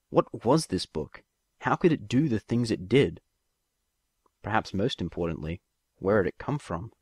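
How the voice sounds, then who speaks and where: A man narrating a fanfiction story in an expressive reading voice. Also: lowish voice, no room sound. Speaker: fanfiction reader.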